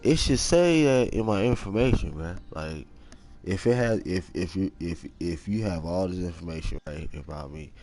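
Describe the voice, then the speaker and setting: Man, very low voice, swings wildly in pitch, foul-mouthed banter, faint music behind. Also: expressive, normal speed. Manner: profane, swings up to loud exclaims. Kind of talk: casual chat.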